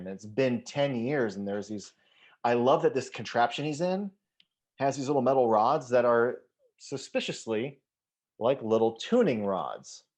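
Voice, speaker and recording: This movie podcast co-host has a lowish voice with a darkish tone. In a casual way he rambles, restarting often, using plenty of fillers and swearing.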